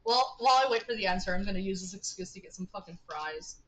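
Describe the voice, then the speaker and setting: A woman streaming a text game, reading its narration aloud and chatting excitably with her viewers. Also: medium pitch, fast talker, rough recording. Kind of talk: casual live-stream gameplay with narration read aloud.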